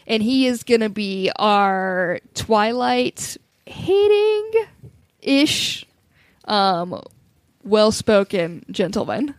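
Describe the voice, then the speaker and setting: A woman's voice: medium pitch, big pitch swings, very slow, dry recording. A woman co-hosting a casual podcast chat, loose and playful, moving the talk along. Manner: laughing, loose and playful, drives the segments. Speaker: podcast co-host.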